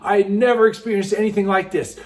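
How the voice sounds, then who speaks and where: A young man telling a wild personal story in a casual, excitable way, with lots of "like" and "just". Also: sits high, fast talker.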